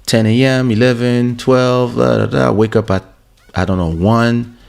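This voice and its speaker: A man hosting his own show, telling a casual story about his music career. He talks in a relaxed way and often repeats words as he goes. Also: mid-range voice, a little slow, gravelly. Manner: relaxed anecdotal, stammering repeats. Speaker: host and musician. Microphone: studio podcast microphone.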